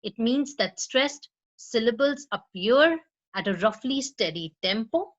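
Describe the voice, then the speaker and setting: A woman with an Indian English accent giving a recorded lecture on spoken English. She explains slowly, with frequent fillers and repeated words, and stresses syllables on purpose when she models pronunciation. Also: a little high, lively intonation, dull audio. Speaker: law college English teacher.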